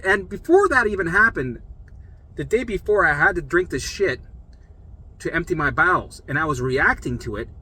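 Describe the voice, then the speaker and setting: A man's voice: a little high, lively intonation, normal speed, bright, forceful tone, breathy edge. A young man casually telling a personal story in a blunt way, swearing freely and acting out other people's lines. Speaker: storyteller sharing his recovery.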